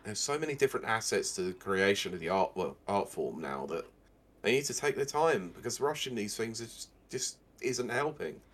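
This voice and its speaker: A young man with a slightly low voice co-hosts a relaxed gaming news chat. He reads the headlines aloud and cuts in with dry, sarcastic asides. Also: normal speed. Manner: sarcastic, reads news quotes and riffs on them. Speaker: podcast co-host.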